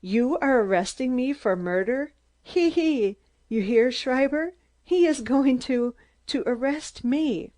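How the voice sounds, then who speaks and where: Shrill, ranting little man in staccato bursts, put on by a female audiobook reader. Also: a little slow, a little mellow. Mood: gloating. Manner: screaming, staccato outbursts. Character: shrill, excitable small older man, a ranting agitator.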